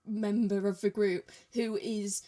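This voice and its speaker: Woman priest, podcast co-host, measured, explanatory, mid-pitched. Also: flat delivery. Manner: measured, explanatory, trailing off softly. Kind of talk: casual podcast chat.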